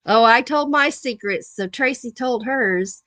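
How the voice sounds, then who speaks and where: Woman hosting a live chat, slow, laughing, dry close sound. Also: on the high side, sharp tone, dry recording. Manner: laughs often, repeats phrases, affectionate. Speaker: host of a live-stream chat. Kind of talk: casual live-stream chat reading comments.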